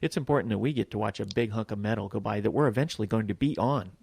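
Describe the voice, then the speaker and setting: A man's voice: on the low side, rapid-fire, gravelly, a little mellow, breathy edge, no echo. A man co-hosting a podcast, chatting casually with sarcastic, crude jokes. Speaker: podcast co-host. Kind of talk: casual chat. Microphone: new microphone.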